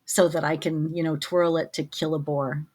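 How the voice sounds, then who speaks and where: A woman's voice: low-pitched, flat delivery, normal speed, darkish tone. A woman co-hosting a casual podcast, chatty and playful, thinking aloud as she talks. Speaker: podcast co-host.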